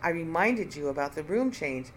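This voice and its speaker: A reader voicing a shrill, insistent female coworker who keeps making accusations in an audiobook. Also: lively intonation, moderate pace, a bit bright, a little hiss or hum, natural voice. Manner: insistent, high and emphatic.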